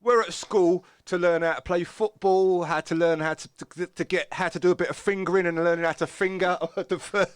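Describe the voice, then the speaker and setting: Brief: middle-aged bloke, podcast co-host, lively storyteller, higher voice, dry close sound. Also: male voice, brisk, few pauses, clean tone, no room sound. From South London, England. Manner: animated storytelling, interrupts with "hold on" and "mush". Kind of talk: casual chat.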